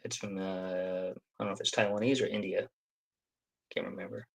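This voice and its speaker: A man's voice: fairly low pitch, fairly even intonation, moderate pace, gravelly. A man chatting as a guest on a live stream over a video call, hesitant and full of fillers, poking fun at himself. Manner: hesitant, many fillers, self-deprecating. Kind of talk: casual chat over whiskey tasting.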